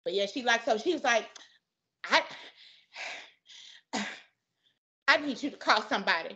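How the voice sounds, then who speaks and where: High bright-voiced profane storyteller. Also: female voice, expressive, a little slow, long pauses. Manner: profane, dramatic storyteller who acts out both sides of arguments. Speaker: podcast guest. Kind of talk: animated storytelling in casual chat. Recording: muffled lo-fi podcast audio.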